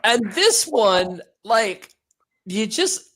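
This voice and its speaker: A hoarse man co-hosting a podcast, chatting casually and joking around. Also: high-pitched, extremely slow. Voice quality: animated, joking. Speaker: podcast co-host. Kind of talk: casual chat.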